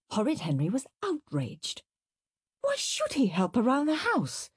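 A woman reads a children's storybook aloud at an unhurried pace, her voice rising and falling expressively. It sounds a little breathy and is recorded close and dry. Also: a little high, no room sound. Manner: expressive, lively. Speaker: reader. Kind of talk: storybook reading.

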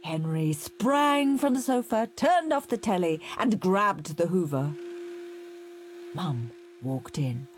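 A woman reading a children's story aloud in an expressive storytelling manner. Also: fairly low pitch, takes it slowly, a little hiss or hum. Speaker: storybook reader.

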